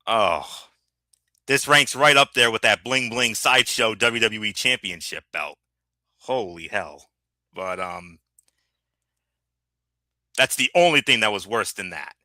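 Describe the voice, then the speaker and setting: Bright-voiced man in chatty recap banter. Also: on the low side, measured pace, pauses often, no room sound. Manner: animated, stammering restarts. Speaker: podcast co-host. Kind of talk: casual wrestling recap chat.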